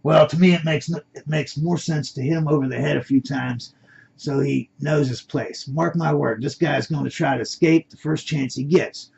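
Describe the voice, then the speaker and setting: A man's voice: fairly high pitch, fairly even intonation, moderate pace, creaky, a little mellow, a little hiss or hum. A man voicing a sarcastic male kidnapper in a red mask, taunting and scornful, on a dull lo-fi recording.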